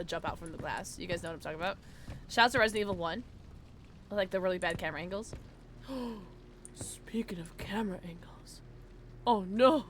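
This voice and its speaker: A young woman live-streams a game while a little tipsy, chatting with her viewers in a bubbly, excitable way. Her voice is bright and fairly high, leaping all over in pitch. A faint room hum sits behind her. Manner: bubbly, excitable, squeals and laughs a lot. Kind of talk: casual live-stream chat while gaming.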